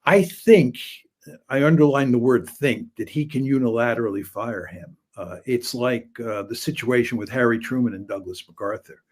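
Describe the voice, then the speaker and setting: An older man who teaches political science answers interview questions in a measured, explanatory way. He speaks in a mid-range voice and pauses often with fillers.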